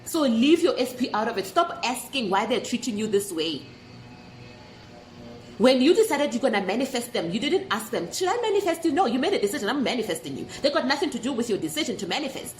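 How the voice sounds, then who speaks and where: A woman giving an unscripted, passionate motivational talk to camera as a manifestation vlogger and mentor, emphatic and close to yelling. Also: big pitch swings, brisk, soft background music. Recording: echoey room with faint rumble.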